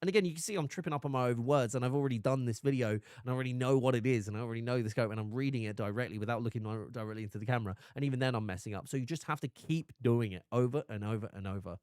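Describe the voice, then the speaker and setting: A man's voice: medium pitch, rapid-fire, few pauses, darkish tone, clear, resonant tone, no echo, clean studio sound. A man streaming live, chatting casually and animatedly, often restarting and laughing.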